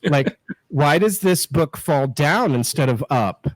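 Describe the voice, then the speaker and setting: A man's voice: on the high side, animated, slow, dry recording, poor audio. A man in his thirties, a guest on a casual live-stream chat over a video call, joking and teasing himself and laughing often. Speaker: guest, political scientist and show host.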